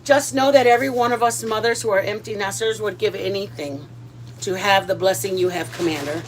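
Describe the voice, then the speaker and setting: A woman's voice: medium pitch, brisk, slight background noise. A middle-aged woman vlogging in a rambling, chatty, self-deprecating way while she cooks at home. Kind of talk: casual chat.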